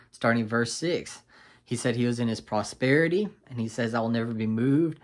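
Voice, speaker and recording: A man giving a casual video Bible lesson, explaining in a conversational way with an easy chuckle. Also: mid-range voice. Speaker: Bible teacher.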